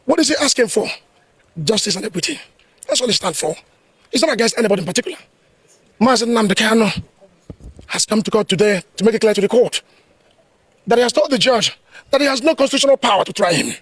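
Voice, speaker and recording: A man's voice: sits high, lively intonation, fast, long pauses, fairly bright tone, breathy edge, no room sound, rough recording. A man, speaking emphatically to reporters in defense of a detainee. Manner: emphatic, declarative. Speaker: supporter speaking to the press. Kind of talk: impassioned statement to reporters.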